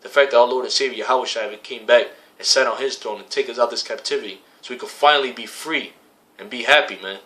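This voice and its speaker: Speaking quickly at a medium pitch, a man with a bright, forceful tone preaches in a relaxed way as a member of a religious camp. He turns scripture into crude street slang and drives points home by repeating himself, with slight background noise present.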